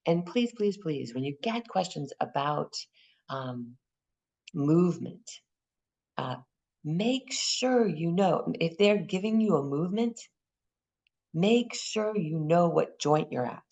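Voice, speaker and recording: A woman runs an anatomy class for massage exam prep, with a gravelly, fry-edged voice. She talks in a lively way, repeats the key terms and spells out memory aids as she teaches. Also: low-pitched, slow.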